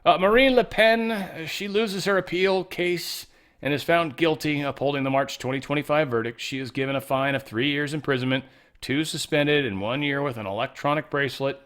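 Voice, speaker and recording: A man's voice: on the high side, normal speed, fairly bright tone. A man hosting his own show, giving casual news commentary in a rambling, profane, ranting way. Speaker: host.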